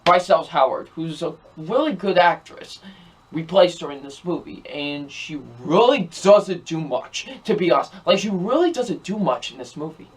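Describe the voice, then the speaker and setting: A man's voice: on the high side, animated, normal speed, breathy edge. A young man giving a ranting, repetitive movie review, sounding exasperated as he keeps circling back to the same complaints. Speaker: film reviewer.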